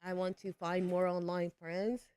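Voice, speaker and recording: A woman's voice: on the low side, level tone, unhurried, darkish tone, smooth, no echo. A young adult woman streaming a farming game, chatting playfully with her viewers. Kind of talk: casual livestream chat while gaming.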